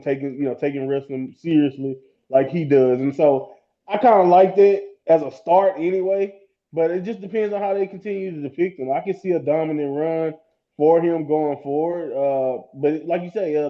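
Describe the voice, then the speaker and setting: A man with a fairly high voice co-hosts a casual podcast, rambling through his thoughts with plenty of "uh"s and restarts. The sound is dull and lo-fi, with its highs muffled. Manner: rambling, many fillers and restarts. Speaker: podcast co-host. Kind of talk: casual wrestling chat.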